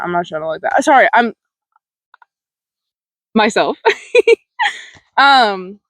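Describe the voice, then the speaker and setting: A woman's voice: fairly high pitch, dry recording, poor audio. A woman in her twenties talking casually about a film, rambling with lots of fillers and restarts and frequent laughs, into a close mic. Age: 20s. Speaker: vlogger. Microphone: close desk mic.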